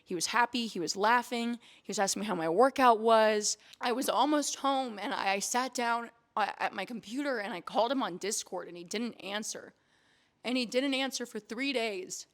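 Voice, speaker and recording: Her voice sits on the high side, a bit bright, moving at a moderate pace. This young woman vlogger and streamer tells an emotional, candid story, cursing casually while she's nearly in tears.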